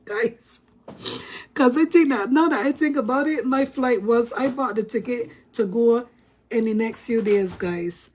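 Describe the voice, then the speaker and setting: Bajan woman vlogger with a fairly high voice, chatty storyteller who laughs a lot. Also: a little slow, a little mellow, slightly rough. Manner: chatty, laughs often, addresses viewers as guys. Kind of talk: casual storytelling to camera.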